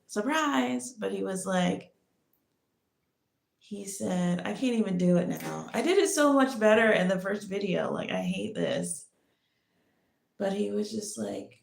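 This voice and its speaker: A woman hosting a podcast, telling a personal story in a rambling way, with many restarts. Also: medium pitch. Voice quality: creaky. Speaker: podcast host. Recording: echoey room.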